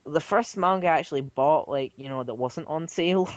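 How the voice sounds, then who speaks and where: A man chatting casually about manga and anime with friends, now and then breaking into loud mock voices. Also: fairly quick, no room sound, highs cut off. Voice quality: slips into loud high-pitched mock voices. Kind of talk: casual chat.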